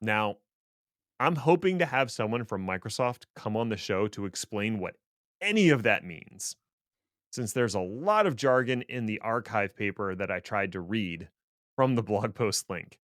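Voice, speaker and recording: A man's voice: on the low side, lively intonation, unhurried, a bit bright, dry recording. A man co-hosting a tech podcast, explaining things casually with dry, sarcastic asides. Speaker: podcast co-host.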